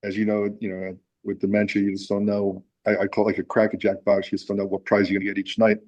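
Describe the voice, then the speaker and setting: A musician being interviewed about his music rambles through a long story with many restarts in a casual storytelling style. He speaks fast and in a monotone, his lowish voice a little mellow, on a muffled recording.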